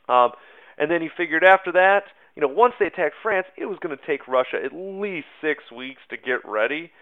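A man's voice: fairly high pitch, expressive, moderate pace. A man giving a casual history lecture as a teacher, talking in an informal, chatty way with many fillers and asides. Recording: narrow phone-like sound.

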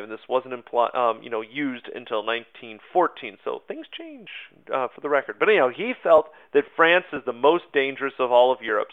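A man giving a casual history lecture as a teacher, talking in an informal, chatty way with many fillers and asides. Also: a little high. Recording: narrow phone-like sound.

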